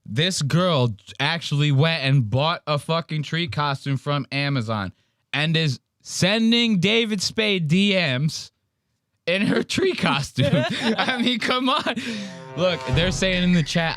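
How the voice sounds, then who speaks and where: A man's voice: on the high side, animated, measured pace, fairly bright tone, dry recording, studio quality. A man hosting a podcast, reacting to clips in a casual, profane, wry way. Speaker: podcast host.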